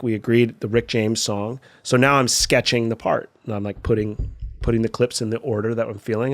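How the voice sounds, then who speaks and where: A middle-aged skate video filmer from California tells a story casually during a podcast interview. Speaking at medium pitch, he swears freely and acts out the voices of the people he quotes.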